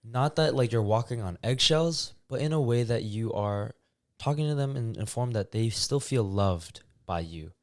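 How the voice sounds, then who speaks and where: A man's voice: mid-range voice, normal speed, few pauses, no room sound, clean studio sound. A young man co-hosting a podcast, talking casually and rambling with lots of fillers. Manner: relaxed, rambling, many fillers. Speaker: podcast co-host. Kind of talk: casual chat.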